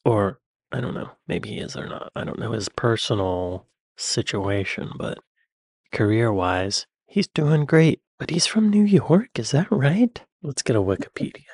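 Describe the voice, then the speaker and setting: American man, reaction video host, casual musing chat, mid pitch, dry close sound. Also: lively intonation, a little slow, darkish tone, breathy edge, no echo. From United States. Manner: chatty, musing aloud, drops to near-whispers.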